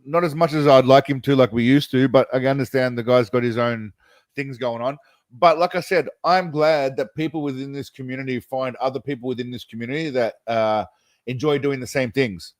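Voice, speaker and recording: A man hosting a relaxed live chat with his viewers, meandering from thought to thought and chuckling as he goes. His voice sits in a middling register and is recorded close and dry, with no room echo. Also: medium pitch, fairly quick. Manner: rambling, laughs often, says mate and brother. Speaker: livestream host.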